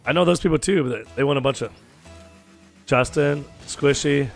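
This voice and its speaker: An American man streaming a game and chatting casually with his viewers, joking, teasing and firing off quick questions. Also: fairly high pitch, vocal fry, soft background music. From United States. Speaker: gaming streamer.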